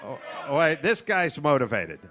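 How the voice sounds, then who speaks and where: A middle-aged American man hosting a comedy show, telling rambling, profane stories with animated asides into a studio mic. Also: fairly high pitch, moderate pace, noisy background. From United States. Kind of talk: comedic storytelling. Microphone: studio mic with cord.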